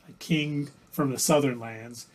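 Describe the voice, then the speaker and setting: A man's voice: medium pitch, fairly even intonation, measured pace. A man co-hosting a livestream, casually recapping TV episodes in a rambling, self-correcting way. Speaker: livestream co-host.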